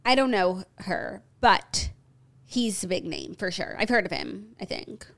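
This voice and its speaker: A woman's voice: medium pitch, measured pace, vocal fry, fairly bright tone. A woman co-hosting a podcast, bringing in celebrity news stories and chatting about them in an easygoing way. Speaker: podcast co-host. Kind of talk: casual chat, reading news items.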